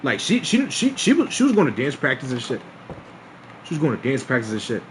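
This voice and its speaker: A man's voice: mid-range voice, huge pitch swings, a little fast, slight background noise. A young man streaming a casual storytime, laughing often and restarting his sentences in slangy talk.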